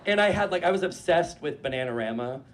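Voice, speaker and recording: Animated, profane man telling a story. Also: fairly high pitch, quick pace. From New Hampshire. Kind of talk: live storytelling. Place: stage in front of a live audience.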